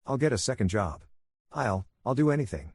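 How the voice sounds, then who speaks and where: A man's voice: mid-range voice, big pitch swings, husky, dry recording, clean studio sound. A man voicing a desperate middle-aged woman who begs and pleads through tears in a spoken story. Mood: pleading. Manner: begging, tearful, rushed.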